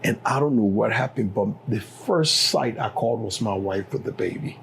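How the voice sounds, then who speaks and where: A man's voice: lowish voice, moderate pace, creaky, a bit bright, a little hiss or hum, low-quality recording. A middle-aged man with a Liberian accent telling his story as an interview guest, acting out the dialogue with animation. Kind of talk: personal storytelling.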